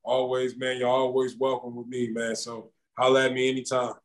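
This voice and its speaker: A man, a former basketball champion, talking casually as an interview guest in a relaxed, slangy way that repeats words. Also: medium pitch, normal speed, poor audio.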